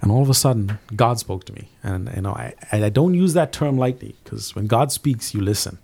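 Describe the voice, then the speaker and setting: A man telling a faith story as an interview guest, earnest and quick, often repeating his words as he goes. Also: fairly low pitch, vocal fry, darkish tone, breathy edge. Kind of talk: faith testimony in casual interview.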